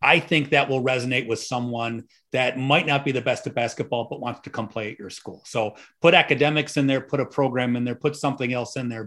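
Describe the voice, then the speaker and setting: A man talks on a casual discussion panel with energy. He builds his point through examples and pokes fun at himself along the way. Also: medium pitch. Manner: energetic, self-deprecating, gives examples. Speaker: podcast panelist.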